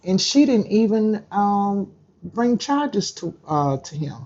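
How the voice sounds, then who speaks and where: Woman YouTuber, dark husky tone, indignant ranting commentary, muffled lo-fi audio. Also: medium pitch, big pitch swings, takes it slowly. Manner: indignant, talks straight at her target. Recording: dull lo-fi sound.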